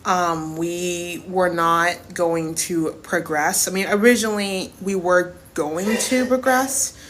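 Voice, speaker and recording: A woman's voice: on the low side, a bit bright, slight background noise. Woman, 20s, casual storytime rant; blunt, cussing, repetitive. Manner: blunt and profane, repeats herself for emphasis. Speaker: TikTok creator.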